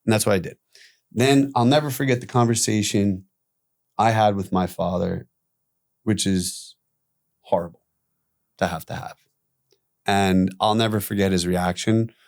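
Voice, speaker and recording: A man guest on a podcast telling his own story candidly, animated, acting out quoted voices and swearing casually. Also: lowish voice, unhurried, long pauses.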